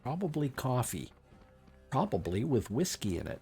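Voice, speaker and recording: A man's voice: medium pitch, big pitch swings, normal speed, a little mellow, husky, faint music behind. A man giving casual, rambling gameplay commentary as a streamer, chatty with many fillers and asides. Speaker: game streamer.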